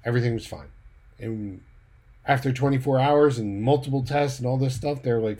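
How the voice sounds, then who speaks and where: A man's voice: medium pitch, moderate pace, warm tone. A man casually recounting a personal story, retelling the dialogue in a conversational way with the odd light laugh. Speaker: church leader giving a personal update.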